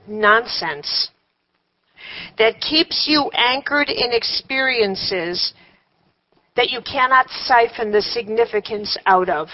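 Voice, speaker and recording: Woman teaching a workshop, lo-fi. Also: on the high side. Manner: conversational, with rhetorical questions and wry humor. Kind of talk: live workshop talk to a group. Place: room with a seated group.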